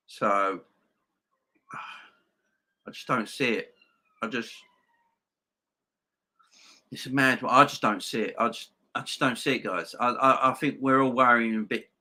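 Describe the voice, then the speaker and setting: A man's voice: mid-range voice, steady tone, moderate pace, pauses often, bright, forceful tone. A man hosting a football fan live stream, reading viewer comments. He talks emphatically, repeats his points and calls his viewers "guys". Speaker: host of a football fan channel.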